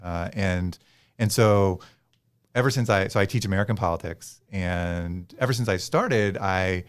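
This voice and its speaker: A man's voice: low voice, a little slow, smooth. A man, a professor and guest, talking conversationally in an interview with many fillers and restarts.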